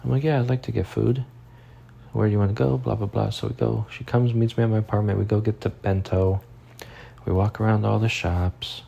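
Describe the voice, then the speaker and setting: A man's voice: lowish voice, fairly even intonation, a little fast, creaky, warm tone, husky, highs cut off. A young man telling a personal story in a vlog, rambling and swearing, tearful and upset, his voice rising and cracking with emotion.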